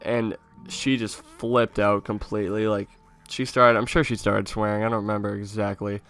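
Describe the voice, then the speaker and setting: A young man with a lowish voice tells a childhood story in a loose, chatty vlog style. He laughs often and swears now and then. Faint music plays underneath. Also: moderate pace. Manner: laughing through an animated anecdote, casual swearing. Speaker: YouTuber.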